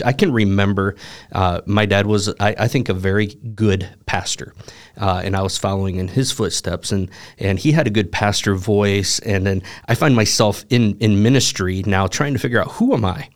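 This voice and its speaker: A man who is a pastor, telling stories in a casual talk about faith. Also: lowish voice. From Michigan.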